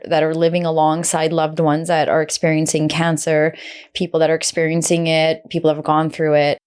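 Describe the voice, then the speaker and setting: A woman hosting a podcast interview, speaking gently and empathetically, close to tears as she listens. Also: fairly low pitch. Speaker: podcast host. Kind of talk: interview conversation.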